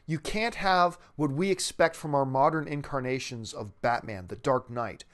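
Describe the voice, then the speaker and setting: A man's voice: medium pitch, normal speed, fairly bright tone. A man hosting a movie news show, chatting casually and enthusiastically in a rambling way as he answers a viewer's question, often restarting his sentences.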